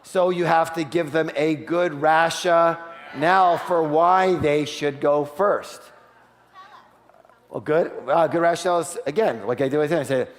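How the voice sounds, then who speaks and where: A man giving an energetic sales seminar, asking the audience for call-and-response and switching to a soft, quiet voice to act out offers. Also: on the high side, measured pace. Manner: drops to a soft, quiet voice for role-played offers. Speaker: seminar speaker. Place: large hall with a live audience. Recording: long hall reverb.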